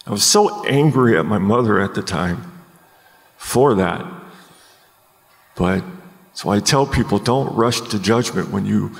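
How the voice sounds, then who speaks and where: A man in his forties earnestly telling his life story as a podcast guest, halting with many ums, recorded live at a conference. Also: on the low side, expressive, gravelly, big-room sound.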